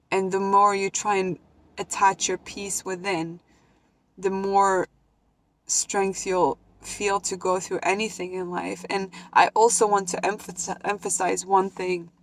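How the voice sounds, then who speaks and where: A young woman earnestly sharing a personal story in a vlog, emotional and heartfelt, often restarting her sentences. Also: medium pitch. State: emotional, near tears. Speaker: vlogger. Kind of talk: personal reflective talk to camera.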